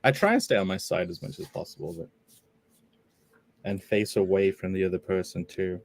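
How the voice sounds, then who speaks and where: A young man with a fairly low voice hosts a relaxed livestream chat, reading viewer messages aloud and laughing easily. The sound is dry and close, with no room echo. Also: normal speed. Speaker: livestream host.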